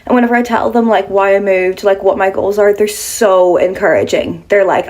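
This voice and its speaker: A woman's voice: mid-range voice, moderate pace, few pauses, a little mellow. Chatty young Irish woman. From Ireland. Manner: chatty, filler-heavy, upbeat. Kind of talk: casual vlog monologue.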